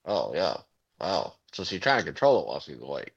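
A man co-hosting a podcast, chatting casually with jokey, quick interjections. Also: a bass voice, big pitch swings, gravelly, slightly rough. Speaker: podcast co-host. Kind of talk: casual conversational chat. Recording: dull lo-fi sound.

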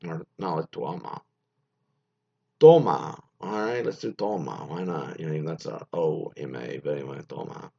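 A man's voice: a bass voice, vocal fry, dark tone, breathy edge. A man hosting a radio show, rambling casually, often interrupting himself and swearing freely as he comments on what he reads. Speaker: show host. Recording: dull lo-fi recording.

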